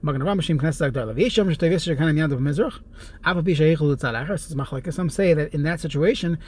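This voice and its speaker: A man's voice: fairly high pitch, a little mellow, a little hiss or hum. Man teaching a Jewish law text. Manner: reads Hebrew phrases then explains in English, with pauses and restarts. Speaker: Torah teacher. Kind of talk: halacha lesson, reading and translating text.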